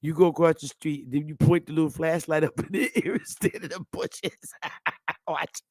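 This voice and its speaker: A woman vlogger sitting at home, ranting loudly and profanely to her viewers and laughing often. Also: low voice, steady tone, normal speed, no room sound, clean studio sound. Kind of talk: profane comic rant to viewers.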